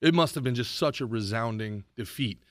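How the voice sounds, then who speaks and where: A man hosting his own podcast, ranting sarcastically about politics in a mocking, animated way. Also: medium pitch, fairly quick, no room sound, studio quality. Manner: sarcastic, mocking, animated rant with shouted impressions. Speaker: podcast host.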